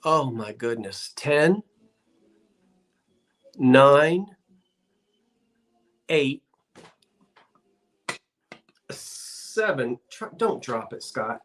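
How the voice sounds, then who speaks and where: A man's voice: mid-range voice, animated, extremely slow, pauses often. A man hosting a live online auction of antiques, playful and chatty, joking as he counts down bids.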